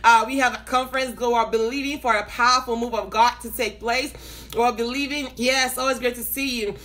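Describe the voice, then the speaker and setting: A woman preacher hosts a live broadcast and greets her viewers one by one by name. Her voice is bright and sits a little high. She sounds excited and laughs easily between greetings. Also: fairly quick.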